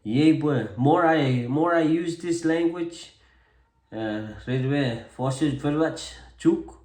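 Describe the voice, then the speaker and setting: A man's voice: on the high side, slow. Chuukese-accented man, casual and echoey. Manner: relaxed, self-deprecating, hesitant with many fillers. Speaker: vlogger introducing himself as a translator. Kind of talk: casual to-camera talk mixing English and Chuukese.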